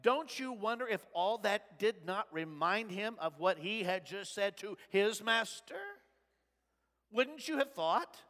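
High-voiced, lively preacher man. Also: unhurried. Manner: dramatic preaching, swings from shouts to soft asides. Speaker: pastor. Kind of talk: sermon. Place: church sanctuary. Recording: long reverb of a large sanctuary.

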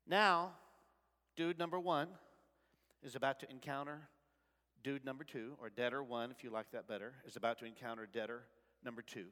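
A man preaching a sermon in a church sanctuary, swinging between shouted lines and soft asides. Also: on the high side, expressive, measured pace, pauses often. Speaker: pastor. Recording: long reverb of a large sanctuary.

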